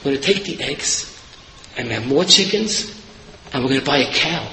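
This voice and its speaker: A man's voice: mid-range voice, lively intonation, normal speed, bright, forceful tone, a little hiss or hum, pitched below the performer's own voice. A man voicing a patient poor mother. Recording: echoey hall.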